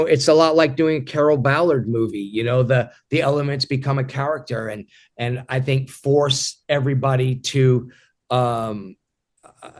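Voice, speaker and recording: Man, fifties, actor guest, reflective, halting, repeated starts, mid-pitched voice. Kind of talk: interview answers.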